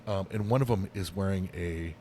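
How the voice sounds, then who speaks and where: A man's voice: low-pitched, moderate pace, mellow, a little hiss or hum. A man co-hosting a podcast in casual chat, rambling and swearing freely, with lots of fillers and restarts. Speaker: podcast co-host.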